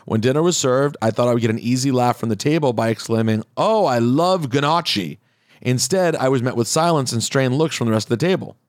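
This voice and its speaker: A man's voice: medium pitch, fast, hardly any pauses, darkish tone, no echo, clean studio sound. A man hosting a podcast, reading listener letters aloud with wry asides in casual chat. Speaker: podcast host.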